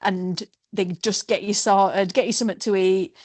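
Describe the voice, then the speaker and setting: A middle-aged woman, talking freely as a guest. She rambles and pokes fun at herself, and her voice sits at an ordinary middle pitch. The sound is dry and close, with no room around it. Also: fairly even intonation, moderate pace, a little mellow, dry recording. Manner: chatty, rambling, self-deprecating. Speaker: guest, race participant. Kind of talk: casual interview chat.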